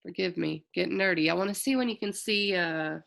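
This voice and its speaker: A woman's voice: fairly low pitch, fairly quick, vocal fry, a bit bright. A woman astrologer giving a loose, chatty forecast, often stopping to correct herself and tossing in slang. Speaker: astrologer host.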